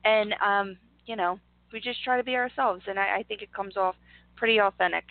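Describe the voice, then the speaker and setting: A woman's voice: medium pitch, brisk, no echo, narrow, tinny audio. A woman from Northeast Philadelphia with a Philly accent, co-hosting a radio show in candid, easy chat. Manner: candid, laughs easily. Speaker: radio co-host. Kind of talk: casual chat.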